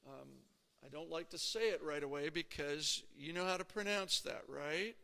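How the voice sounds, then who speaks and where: In a reverberant lecture hall, a man teaches anatomy in a conversational style, often checking in with students through "okay?" and "right?". His slightly high voice has vocal fry and a sharp tone, moving at a moderate pace.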